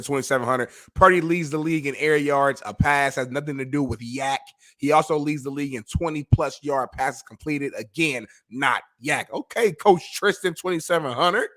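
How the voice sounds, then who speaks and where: A man co-hosting a sports talk show who reacts loudly, swears casually, and reads viewer messages aloud. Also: mid-range voice.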